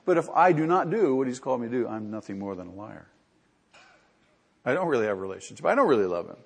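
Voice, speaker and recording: A man's voice: medium pitch, animated, fast, gravelly, husky, long reverb tail. A man preaching a sermon as pastor, earnest and rising to emphatic peaks.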